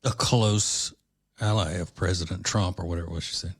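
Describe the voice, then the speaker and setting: A man's voice: low voice, steady tone, fairly quick, slightly rough. A man from Louisiana hosting a podcast, giving blunt, combative political commentary with rambling asides. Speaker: podcast host.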